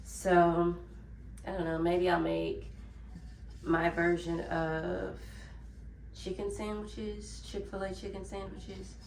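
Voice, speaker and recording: A Memphis, Tennessee vlogger with a Southern accent chats casually to viewers while cleaning up her home kitchen. Her lowish, gravelly, slightly mellow voice is flat and slow, picked up far from the mic in a roomy space with a little hiss or hum.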